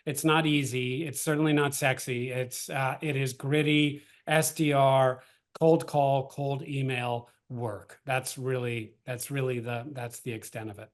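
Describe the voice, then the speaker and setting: A man's voice: mid-range voice, level tone, unhurried. A man, a startup co-founder, talking loosely in an interview with many fillers and slang. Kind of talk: casual interview chat.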